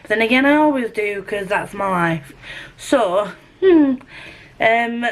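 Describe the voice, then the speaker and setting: At home, a book vlogger chats casually to the camera about a book she's reading, rambling and poking fun at herself with plenty of fillers. Her voice is fairly high and animated, and she takes it slowly.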